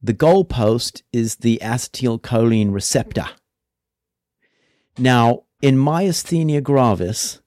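A man doing a put-on English accent as a blustery bloke explaining football, louder and hammier than his usual voice. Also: medium pitch, no room sound, studio quality, natural voice.

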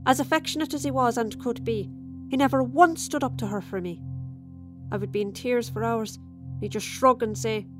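A resentful Irish widow, a little tipsy, chats over a dinner table in a confiding, gossipy way, voiced by a woman reading the monologue. Her fairly high voice turns sharp whenever old grudges come up. Faint music plays softly under the storytelling. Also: moderate pace, close to an everyday voice. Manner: chatty, confiding, with sudden flashes of resentment.

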